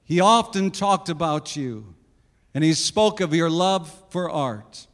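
Humble young soldier, high-pitched, earnest, a preacher quoting him, long reverb. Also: male voice, expressive, takes it slowly.

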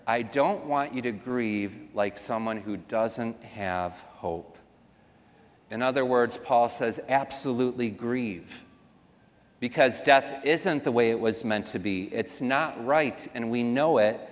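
A man preaches to a congregation in an earnest, conversational way, turning aside now and then to speak to the people in the pews. His mid-pitched voice rings out with a long reverb from a church sanctuary. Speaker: pastor. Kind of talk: sermon. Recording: long reverb of a large hall.

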